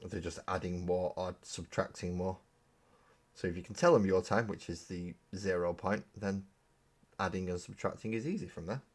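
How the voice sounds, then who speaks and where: A man's voice: sits low, moderate pace. A man hosting a live stream, chatting casually and rambling with self-mocking humor while painting miniatures.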